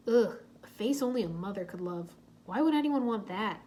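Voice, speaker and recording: A brash young male ninja teases and boasts, as a woman reads his lines. His tone is cocky and lively. It comes from a storybook read aloud. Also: mid-range voice, moderate pace, slight background noise, lightly acted. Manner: teasing and boastful.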